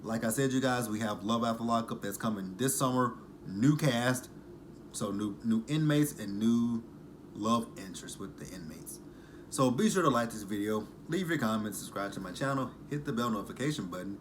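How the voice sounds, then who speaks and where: A man's voice: medium pitch, animated, moderate pace, slight background noise. A man hosting a casual reaction vlog, chatty and sarcastic, with some cursing. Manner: chatty, sarcastic, uses profanity. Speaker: reality TV recap host.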